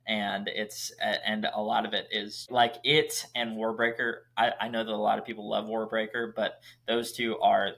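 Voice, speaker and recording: A man's voice: on the low side, flat delivery, moderate pace, gravelly, few pauses, fairly bright tone. A man hosting a podcast in casual chat, eager and stammering with frequent restarts. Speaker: podcast host.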